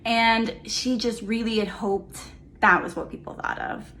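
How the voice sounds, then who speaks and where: A young woman giving a memorial tribute to her mother, fond and reminiscing with gentle humor. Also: on the high side, steady tone, unhurried, a little hiss or hum, rough recording.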